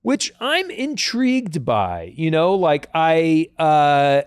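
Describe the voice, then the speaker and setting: A man co-hosting a podcast, chatting casually in an animated, joking way with lots of fillers. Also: a little high, smooth, no echo, studio quality. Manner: animated, jokey, puts on quick voices, many fillers. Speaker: podcast co-host. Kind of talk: casual chat.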